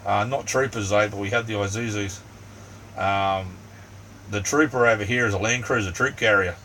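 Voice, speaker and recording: A man's voice: on the low side, fairly bright tone. A middle-aged Australian man chatting casually with his livestream viewers from inside his camper, rambling and easygoing with lots of ums and "mate". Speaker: livestream host. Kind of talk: casual live chat with viewers. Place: inside a small camper van. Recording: distant mic, faint fan hum. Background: fan running.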